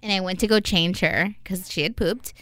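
Young woman on a podcast, chatty storyteller, smooth clear voice, dry close sound. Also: mid-range voice, moderate pace, dry recording. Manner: animated storytelling, chatty with many "like"s. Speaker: podcast co-host. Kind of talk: casual chat.

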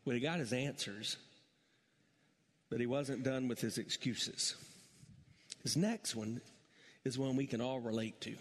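A man's voice: mid-range voice, unhurried, long pauses, in a large hall. A male pastor preaching a sermon, building in intensity and putting rhetorical questions to his congregation.

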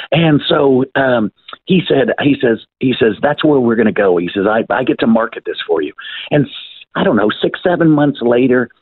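A man's voice: medium pitch, breathy edge, dry recording. A man telling stories as an author in an interview, chatty, repeating words and acting out the people he quotes. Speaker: author and guest. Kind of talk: casual storytelling interview. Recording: tinny phone-line sound.

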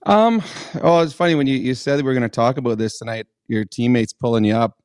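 A man who used to play pro hockey, co-hosting a radio show and calmly recounting a hard day from his career. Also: medium pitch, fast talker, smooth, dry recording, clean studio sound. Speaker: co-host, former hockey player. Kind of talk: casual storytelling.

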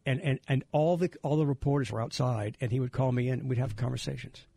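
Middle-aged radio host guy, gravelly and a bit husky, rambles and restarts a lot. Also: mid-range voice, steady tone, fast talker, dark tone, no room sound. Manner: rambling, self-interrupting storyteller. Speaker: radio talk show host. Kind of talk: casual radio talk.

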